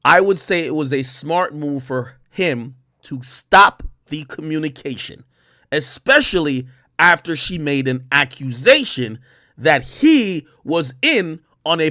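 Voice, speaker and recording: Male reaction commentator with a fairly high, animated delivery, emphatic and rhetorical, in a dry room. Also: no echo. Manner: emphatic, rhetorical, talks through pauses with fillers. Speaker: commentator reading messages.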